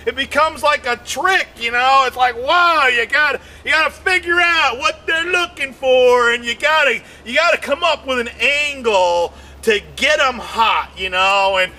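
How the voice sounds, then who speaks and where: A man doing a stand-up comedy routine, rambling with constant fillers and shouting his punchlines. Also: extremely high pitch, unhurried, hardly any pauses.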